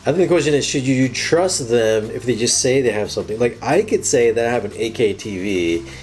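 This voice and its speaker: A man's voice: medium pitch, fairly quick, darkish tone, slight background noise. A man co-hosting a casual chat, reading out audience questions in a joking, playful way.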